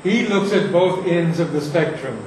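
A man teaching how to read verse aloud, reciting lines slowly and with heavy emphasis, recorded from far off in an echoey room. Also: a little high, a little mellow, slight background noise. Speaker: poetry teacher. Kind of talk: lecture on reading verse aloud.

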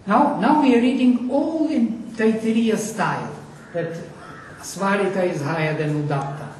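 In an echoey room, a Sanskrit teacher with a high-pitched, darkish voice delivers a lecture, chanting Vedic verses slowly and with passion. The microphone sits far away and picks up faint noise.

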